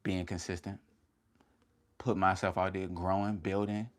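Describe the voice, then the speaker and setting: A man hosting a casual livestream, energetic and slangy, giving motivational talk in short punchy bursts and calling his viewers fam. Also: sits low, a little slow.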